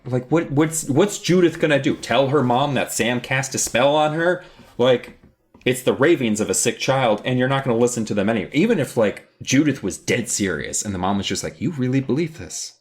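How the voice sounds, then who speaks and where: A man's voice: medium pitch, lively intonation, breathy edge. A man co-hosting a podcast, recapping a book in a jokey, casual way. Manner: jokey, does quick voices for characters. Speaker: podcast co-host.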